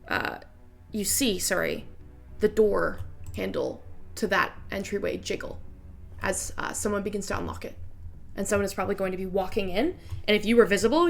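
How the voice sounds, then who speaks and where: A woman's voice: medium pitch, vocal fry. A woman running a tabletop game as game master, describing scenes casually with many fillers. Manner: casual, filler-heavy narration.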